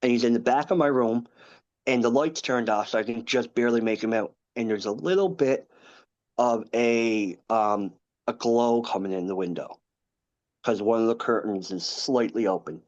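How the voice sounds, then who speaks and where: A man in his thirties, a guest on a podcast, tells a personal story in an earnest, halting way and keeps adding asides. His voice sits at an ordinary pitch for a man. The recording sounds a little dull and lo-fi. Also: a little mellow. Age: 30s.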